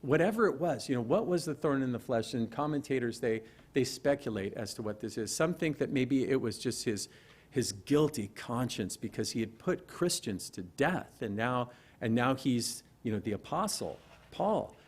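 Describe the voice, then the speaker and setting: A male pastor delivering a verse-by-verse sermon at a church service. He has a mid-pitched voice and a relaxed, conversational delivery, tossing in rhetorical questions as he preaches. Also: normal speed. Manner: conversational, asks rhetorical questions, laughs lightly.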